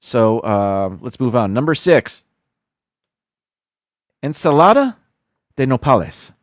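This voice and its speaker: A man's voice: on the low side, measured pace, no echo, clean studio sound. A man hosting a livestream, casually reading a list aloud, stumbling over foreign words and adding self-deprecating asides. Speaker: livestream host.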